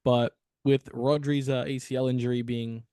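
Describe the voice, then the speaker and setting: A laid-back man in his own mid-pitched voice, ribbing his co-host during a casual football podcast. The sound is dry and close to the mic. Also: flat delivery, normal speed, dark tone, smooth, dry recording.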